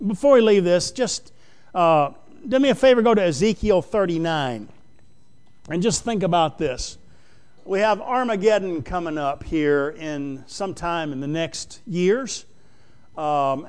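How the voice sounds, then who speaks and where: Male preacher, slightly high, smooth and resonant, halting plain-spoken sermon delivery. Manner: plain-spoken, reads scripture aloud, many pauses and fillers. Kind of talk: sermon, Bible exposition.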